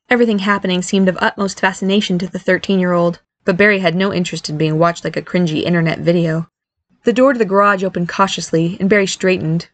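A woman reading a story aloud as narrator in a steady, even manner. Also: lowish voice, no echo. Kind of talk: scripted narration.

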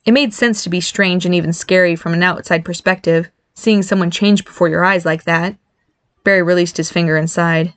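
A woman narrating a novel in an even, clear storytelling manner. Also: lowish voice, brisk, no echo. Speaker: audiobook narrator. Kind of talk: scripted narration.

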